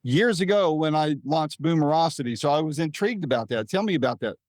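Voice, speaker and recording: A man hosting a casual interview, asking his questions in halting restarts. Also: on the high side, animated, darkish tone, dry recording. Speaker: interview host.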